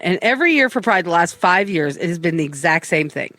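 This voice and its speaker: A middle-aged woman co-hosting a casual talk show, telling a family story with animated swearing. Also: lowish voice, quick pace, dry recording. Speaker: co-host. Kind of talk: casual chat.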